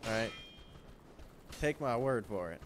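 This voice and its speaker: A young man streaming a game, chatting with viewers in a relaxed, joking way and breaking into loud yelps and laughs. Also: on the low side, measured pace, background noise. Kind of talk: gameplay commentary.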